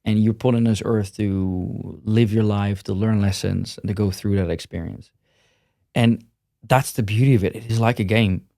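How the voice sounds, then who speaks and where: A man's voice: on the low side, steady tone, moderate pace, gravelly, dark tone, no room sound, clean studio sound. A man talking as a podcast guest, in a loose, rambling way with frequent restarts and repeated words. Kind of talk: casual interview conversation.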